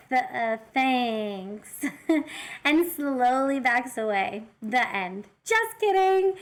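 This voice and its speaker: A woman VTuber reading Reddit posts aloud and commenting on them in a giggly, animated way. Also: high voice. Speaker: VTuber streamer.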